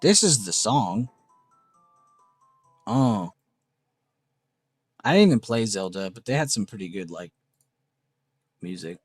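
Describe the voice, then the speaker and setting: Host type: young guy, lowish voice, dry close sound, soft music behind, hyped and profane. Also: slow, pauses often, no echo. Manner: excitable, swears freely, gushing praise. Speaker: trading stream host. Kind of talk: casual live-stream chart review. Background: faint background music.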